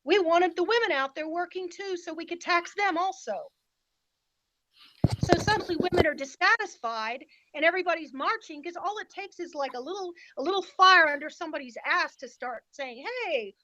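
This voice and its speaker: A woman's voice: very high-pitched, sharp tone, no room sound, dull audio. A woman guest in a casual podcast conversation, talking in an emphatic, indignant way.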